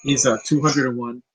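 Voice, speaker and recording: A man's voice: mid-range voice, slightly rough, rough recording. A man in his thirties giving casual live-stream movie commentary, rambling and blunt, swearing freely and often restarting sentences. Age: 30s.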